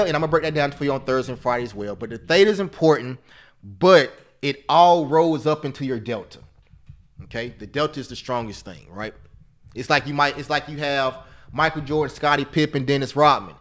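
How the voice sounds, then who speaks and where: Excitable high-voiced man teaching trading. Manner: excitable, repetitive, talks straight to viewers; sings snatches of love songs. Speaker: options trading instructor. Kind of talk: live trading class.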